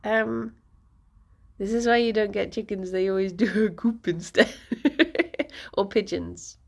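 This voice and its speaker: Slow, giggly, gravelly British woman streamer. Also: medium pitch, darkish tone. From United Kingdom. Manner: playful, giggly, cooing at pets. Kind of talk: casual livestream chat. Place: home, indoors.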